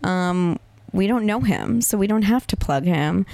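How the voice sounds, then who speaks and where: A woman's voice: medium pitch, animated, measured pace, creaky, warm tone. A young woman hosts a podcast, her voice swooping up and down as she teases her guests. The sound is close and dry, with no room echo. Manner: teasing, playful, laughs a lot. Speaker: podcast host. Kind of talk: casual podcast banter.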